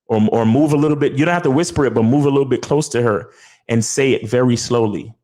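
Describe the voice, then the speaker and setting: A man's voice: medium pitch, fast talker, mellow. A man hosting a show, giving casual dating advice into a mic in a profane, repetitive way, often checking that the listener understands. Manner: profane, repetitive, keeps asking "you understand?". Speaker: host. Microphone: talking into a studio mic.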